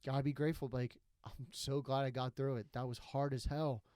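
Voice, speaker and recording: A man's voice: mid-range voice, little pitch movement, fairly quick, dark tone, no room sound. A man chatting casually as a podcast guest, laid-back and swearing, often restarting his sentences. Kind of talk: casual chat.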